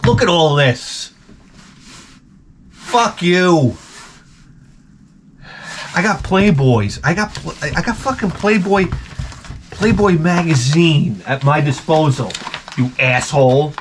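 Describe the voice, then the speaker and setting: A man rambles through profane comic stories, laughing a lot. His voice sits fairly high and swings widely in pitch. A faint hiss runs under it. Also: animated, slow pace, pauses often. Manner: crude, rambling, laughs often, acts out quotes. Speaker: vlogger.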